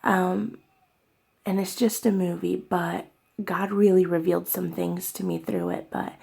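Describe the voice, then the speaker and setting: A young woman talking in an emotional personal vlog, halting and tearful, with many fillers and soft whispered stretches. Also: fairly low pitch, animated, vocal fry, slightly rough. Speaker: vlogger.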